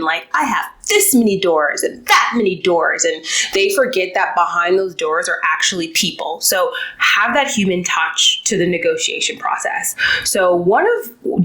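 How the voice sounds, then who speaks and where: A young adult woman talks through landlord advice in a loose, conversational way, full of fillers and restarts. She acts out little exchanges as she goes. Her voice sits a touch low. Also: a bit bright, poor audio. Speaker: real estate investor and landlord. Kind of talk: casual advice talk.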